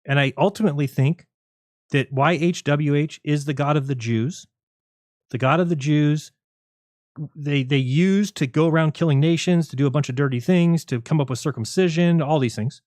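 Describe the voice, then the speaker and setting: Guy ranting on his livestream, fast and sarcastic, kinda high voice, dry close sound. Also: darkish tone, no room sound. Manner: rapid, argumentative, sarcastic. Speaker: livestream host. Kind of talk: casual livestream monologue.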